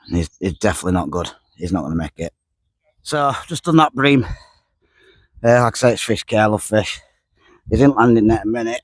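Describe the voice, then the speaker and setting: A man's voice: fairly low pitch, fairly bright tone, no room sound. A man, chatting casually to camera while fishing by a lake, dropping words and repeating himself. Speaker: fishing vlogger. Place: lakeside outdoors.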